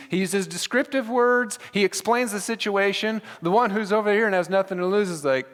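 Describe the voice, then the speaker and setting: Male pastor, animated sermon delivery acting out scenes, recorded in a church with long reverb. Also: high-pitched, moderate pace. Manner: animated, acts out scripture with dramatic voices. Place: church sanctuary.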